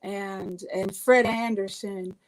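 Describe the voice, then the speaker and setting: A woman's voice: mid-range voice, fairly even intonation, takes it slowly, low-quality recording. A woman from Minnesota, an interview guest, telling family stories enthusiastically, with frequent restarts. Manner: enthusiastic, warm, with repeated restarts. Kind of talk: conversational storytelling.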